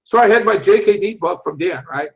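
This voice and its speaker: A man in his sixties, a martial arts instructor appearing as an interview guest, tells stories bluntly and with a lot of profanity. His high voice is expressive and brisk, and the audio is dull and lo-fi.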